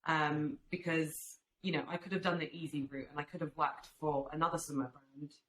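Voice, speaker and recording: A woman's voice: low voice, flat delivery, moderate pace, a bit bright. A young woman in her twenties talking earnestly about her family and business in a casual podcast chat, with plenty of fillers. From Albanian family, raised in UK. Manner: earnest, reflective, many fillers. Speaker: guest, swimwear brand founder. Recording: echoey room with faint background noise.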